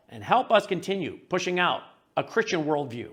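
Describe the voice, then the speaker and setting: A man who founded a broadcast network and writes books, giving an earnest promotional pitch and slowly repeating a web address. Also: sing-song, a bit bright.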